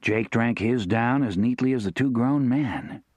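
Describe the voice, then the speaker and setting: A man narrating a western novel as an audiobook, telling the story in a steady, expressive way. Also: medium pitch, measured pace, dry recording.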